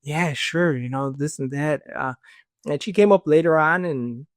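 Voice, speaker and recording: A man's voice: fairly high pitch, a little slow, dry recording, studio quality. A man telling a personal story in casual conversation, acting out the voices of others with fillers like "this and that". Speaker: guest.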